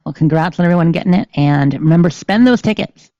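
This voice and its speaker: A rambling, chatty podcast co-host with a mellow, darker tone, full of ums and little laughs. Dry, slightly dull recording from a home streaming setup. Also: mid-range voice, fast talker, no room sound. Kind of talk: casual podcast chat.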